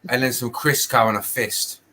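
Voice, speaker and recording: Bright-voiced man, crude jokes. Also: mid-range voice, fairly even intonation, moderate pace, slight background noise, poor audio. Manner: crude joking, rambling. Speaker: guest caller. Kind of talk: casual chat.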